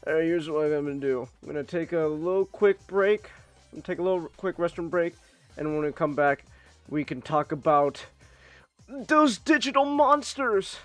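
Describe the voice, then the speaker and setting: A man hosting a live stream in casual chat, joking and swearing freely, often bursting into loud outbursts. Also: fairly high pitch, expressive, moderate pace, no room sound, soft background music. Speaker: streamer host.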